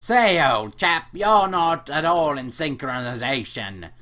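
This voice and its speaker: A man voicing a cordial, fussy British gentleman in the afterlife, speaking slowly and emphatically with a British accent. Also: on the high side, expressive, full character voice. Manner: cordial, slow and emphatic, turns irate.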